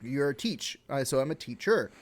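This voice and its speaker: A man's voice: mid-range voice, animated, moderate pace. A young man with a Texan accent, co-hosting a casual podcast, rambling through explanations with lots of fillers and swearing. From Texas. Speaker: podcast co-host.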